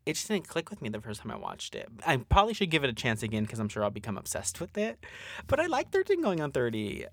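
A man co-hosting a podcast in casual chat, animated and profane, acting out quotes. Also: mid-range voice, fast talker, husky, dry recording, studio quality. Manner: animated, swears a lot, acts out quotes. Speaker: podcast co-host.

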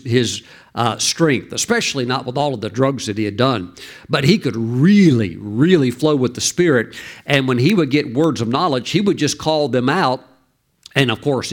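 Male pastor preaching with animated storytelling. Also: mid-range voice. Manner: storytelling, with frequent fillers and restarts. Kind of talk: sermon.

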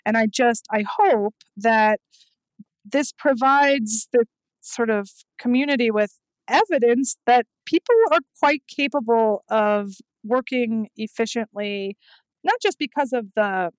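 A woman's voice: fairly high pitch, measured pace, no room sound, low-quality recording. A woman hosting a podcast interview, talking in a thoughtful, conversational way. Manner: conversational, thoughtful, light laughs. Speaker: podcast host. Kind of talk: casual interview chat.

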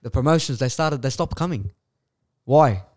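A young man, a guest influencer, chatting casually on a podcast, swearing freely and telling animated stories. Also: medium pitch, normal speed. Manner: heavy swearing, animated storytelling.

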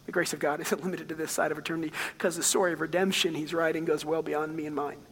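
A man in his thirties preaching a sermon, telling stories with big swings between quiet and loud passages. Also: on the high side, little pitch movement, quick pace, husky. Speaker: pastor. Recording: long hall reverb.

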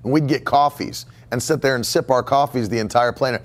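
A man's voice: medium pitch, a little fast. A man preaching a sermon as pastor, emphatic and repeating his key phrases. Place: church sanctuary.

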